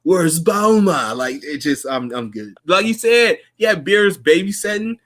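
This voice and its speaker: A man's voice: high-pitched, very animated, normal speed, a bit bright. Profane, laughing podcast host, man. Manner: loose, profane, laughing often. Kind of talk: casual podcast chat.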